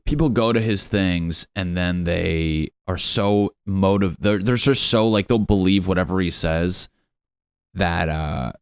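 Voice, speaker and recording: Young male podcast host, deep voice, loose swearing comic monologue at home. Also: unhurried, smooth, dry recording, clean studio sound. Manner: profane, rambling, jokey with put-on quote voices. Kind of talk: solo comedic podcast rant. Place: his apartment on a lunch break.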